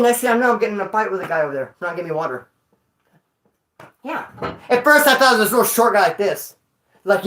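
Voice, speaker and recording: Male streamer, rambling storyteller, street slang and swearing, swings from loud to muttered. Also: high voice, poor audio. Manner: jumps between loud bursts and mutters. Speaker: livestreamer. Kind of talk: casual storytelling to a live chat.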